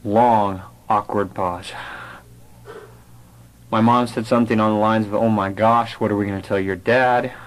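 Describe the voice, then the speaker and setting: A young man with a fairly low voice tells a personal testimony in an earnest way. He carries the story through remembered conversations, quoting each person as he goes. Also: steady tone, unhurried, long pauses, rough recording. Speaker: speaker telling his conversion story.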